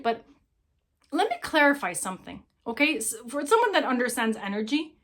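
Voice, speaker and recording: A middle-aged woman with a high, bright-pitched voice speaks in a casual, motivational way. She tells stories animatedly, drives her points home by repeating them, and slips into quick acted-out exchanges. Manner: animated storyteller, acts out quoted voices, emphatic repetition. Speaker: relationship speaker.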